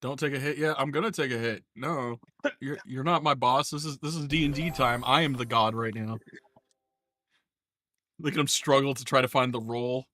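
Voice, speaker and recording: A man's voice: mid-range voice, steady tone, normal speed, bright, forceful tone, no echo. A young man running a tabletop game as game master, chatting casually, joking, laughing and swearing a lot.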